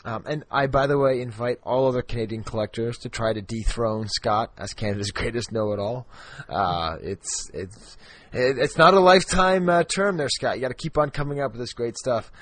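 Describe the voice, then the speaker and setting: A man's voice: medium pitch, normal speed, hardly any pauses, a bit bright. A man co-hosting a podcast in casual chat, rambling and restarting his sentences with plenty of fillers. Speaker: podcast co-host.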